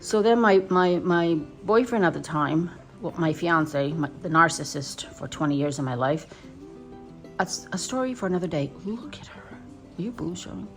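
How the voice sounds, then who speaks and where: A woman's voice: low-pitched, moderate pace, soft background music. Rambling New woman telling a story. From New York. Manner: rambling, emotional, with many restarts. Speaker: doll vlogger. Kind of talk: casual storytelling vlog.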